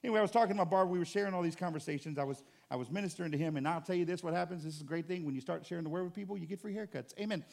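A man preaching a sermon as pastor, animated and conversational, with joking asides to the congregation. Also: a little high, rapid-fire, vocal fry, few pauses.

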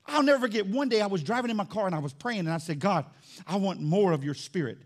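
A man preaching a lively sermon as pastor in a church, swinging between shouts and low asides. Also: quick pace. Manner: animated, shouts and drops low, playful asides. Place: church sanctuary.

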